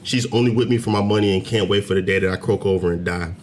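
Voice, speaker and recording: A man talking straight to the camera in a commentary video, emphatic and preachy, climbing to loud, heated peaks as he argues. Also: low-pitched, fairly even intonation, quick pace, a little hiss or hum. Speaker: commentary channel host. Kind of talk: direct-to-camera commentary rant. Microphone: camera mic, facing camera.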